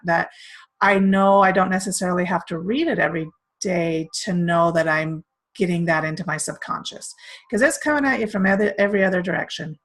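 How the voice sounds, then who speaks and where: Middle-aged woman, lower register, earnest rambling self-help host. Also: low-quality recording. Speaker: self-care course host. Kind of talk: casual spiritual self-help talk.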